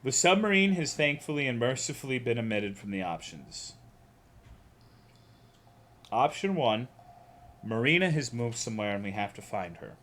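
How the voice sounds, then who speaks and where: A man's voice: medium pitch, very animated, normal speed, long pauses, a bit bright. A young American man streaming a game, chatting casually and ranting with lots of swearing while reading chat aloud. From United States.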